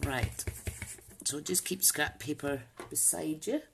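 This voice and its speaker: A woman with a low, slow, creaky voice hosts a live crafting demo on her channel, and the recording is very noisy. She chats and rambles, thinking aloud as she works and greeting viewers by name.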